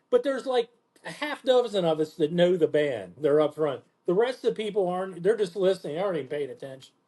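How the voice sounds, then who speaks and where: Podcast host, male, high-pitched, animated profane storyteller, casual chat. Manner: animated, profane, acts out quotes in a lower voice.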